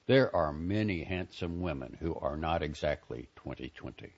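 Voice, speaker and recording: Fussy old immigrant dad read out by a guy, insisting and scolding gently, kinda muffled recording. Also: very deep voice, animated, moderate pace, slightly rough, voice pushed down, heavily acted. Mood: earnest lecturing. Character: fussy elderly immigrant father, earnest and instructive. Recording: dull lo-fi recording.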